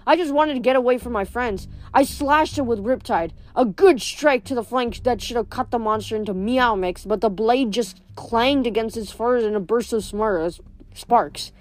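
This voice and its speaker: A woman reading a novel aloud in a steady storytelling voice, with small slips and restarts. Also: fairly high pitch, normal speed. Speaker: reader.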